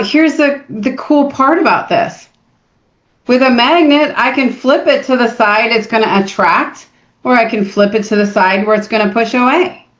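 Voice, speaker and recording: A woman coach leads a live motivational workshop, coaxing her audience to join in with plenty of energy. Her voice sits a little high. The sound carries the echo of the room and a dull, lo-fi quality.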